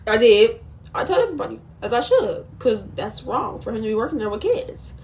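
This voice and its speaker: A woman's voice: on the high side, expressive, normal speed, a little mellow. A young woman telling a storytime vlog in an indignant, sassy way, with asides to her viewers. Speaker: vlogger.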